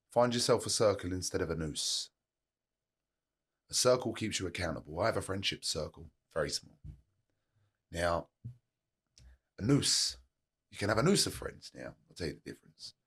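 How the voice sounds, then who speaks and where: A man with a very low, gravelly, husky voice talks candidly as a podcast guest. He is earnest and motivational, repeats his key lines for weight, and has a rough grain underneath. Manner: earnest and motivational, plain-spoken, uses repetition. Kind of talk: candid conversational storytelling.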